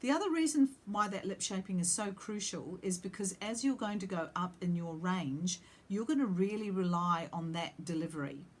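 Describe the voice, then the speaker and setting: A woman's voice: on the low side, moderate pace, hardly any pauses. A woman singing teacher explaining vowel shapes, breaking off to sing short demonstration vowels. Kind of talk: vocal lesson with sung demonstrations.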